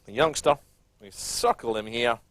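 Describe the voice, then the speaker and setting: A man's voice: mid-range voice, normal speed, fairly bright tone, no echo, natural voice. A man voicing a dry, critical male football pundit.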